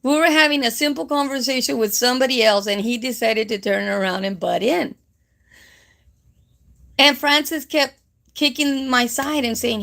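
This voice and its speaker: A woman's voice: high voice, normal speed, gravelly, fairly bright tone. A woman, chatting casually on a live stream in a rambling way full of fillers and with Spanish phrases mixed in. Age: 50s. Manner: mixes Spanish phrases into English.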